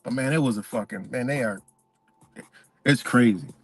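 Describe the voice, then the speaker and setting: A man's voice: medium pitch, normal speed, breathy edge, soft background music. A man hosting a livestream, ranting casually in a profane, rambling way with many restarts. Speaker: livestream host.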